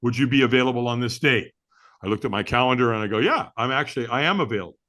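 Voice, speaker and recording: A middle-aged firewalk instructor races through his stories in a mid-range voice as the guest in a casual chat. He's an animated storyteller who acts out quotes and laughs often.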